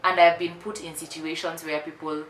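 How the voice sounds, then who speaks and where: Young woman in her twenties, candid vlogger; low pitch, bright tone, roomy echoey sound. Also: flat delivery, brisk, slight background noise. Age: 20s. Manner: candid and emphatic, repeats herself for effect. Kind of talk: casual confessional vlog. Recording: roomy echo.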